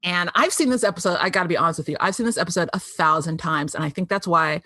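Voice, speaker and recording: A woman's voice: on the low side, quick pace, sharp tone, no echo. Giggly chatty woman, dry sound. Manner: chatty, giggly, acts out bits in little voices. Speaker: podcast co-host. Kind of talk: casual chat recapping a TV episode.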